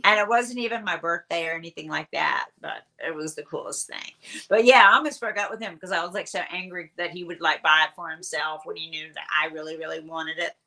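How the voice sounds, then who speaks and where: A woman in her sixties, a guest on an interview show, telling chatty, animated stories full of fillers. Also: sits low, fairly quick, vocal fry. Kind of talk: casual storytelling interview.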